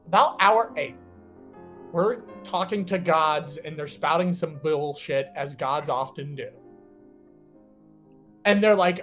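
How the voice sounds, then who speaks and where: A man co-hosting a podcast, in a casual chat, telling tabletop game stories in an animated way with many fillers. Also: a little high, takes it slowly, pauses often, soft background music. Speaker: podcast co-host and tabletop player.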